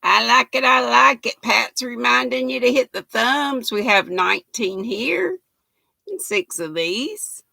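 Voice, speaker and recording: A woman's voice: a little high, lively intonation, unhurried, creaky, sharp tone, no room sound. An older woman, chatting folksily with viewers and reading their comments on a knitting livestream, laughing often. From United States.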